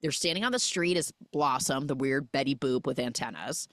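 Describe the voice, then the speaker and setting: A young woman hosting a podcast, recapping a film in fast, sarcastic, animated chat. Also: rumbling low, dry recording, studio quality. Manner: animated, sarcastic, fast storytelling with quoted voices. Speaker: podcast host.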